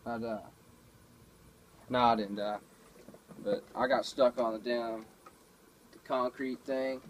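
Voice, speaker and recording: A man's voice: medium pitch, fairly even intonation, slow, a little hiss or hum, low-quality recording. Laid-back man rambling with fillers. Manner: laid-back, profane, storytelling with many fillers. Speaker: vlogger. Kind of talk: casual rambling monologue. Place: home, indoors. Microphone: camera.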